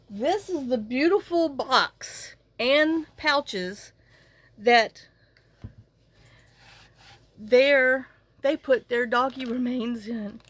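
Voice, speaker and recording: A woman's voice: fairly high pitch, fairly bright tone. Tearful woman rambling to camera. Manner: rambling, trailing off and restarting often. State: tearful, fighting back crying. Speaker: journaling channel vlogger. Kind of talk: casual to-camera vlog chat.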